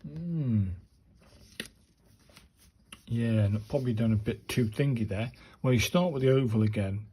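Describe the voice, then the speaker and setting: A man's voice: medium pitch, a little slow, long pauses, warm tone, slightly rough. A man, talking viewers through handwriting practice in a chatty way and muttering to himself as he writes. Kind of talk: casual talk-through while writing.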